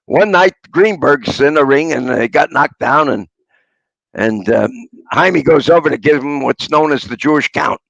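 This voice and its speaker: Older man, gravelly voice, somewhat high pitch, dry close sound, anecdotal storyteller. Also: expressive, measured pace, fairly bright tone, dry recording, dull audio. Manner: rambling raconteur, punchline storyteller. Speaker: interviewee, author.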